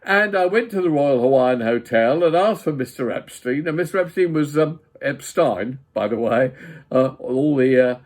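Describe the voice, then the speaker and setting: A man's voice: on the high side, lively intonation, moderate pace. A man in his seventies reminiscing in a vlog, chatty and digressive, with frequent asides. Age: 70s. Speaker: vlogger. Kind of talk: storytelling, personal reminiscence.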